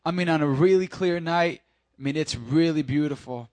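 A man's voice: on the high side, normal speed, a little mellow, no room sound. A man preaching in a casual, conversational way, speaking directly to his congregation and acting out Bible scenes. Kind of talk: sermon.

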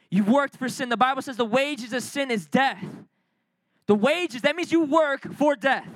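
High-voiced preacher man, emphatic sermon. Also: dry recording, low-quality recording. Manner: emphatic and repetitive, addressing the congregation directly.

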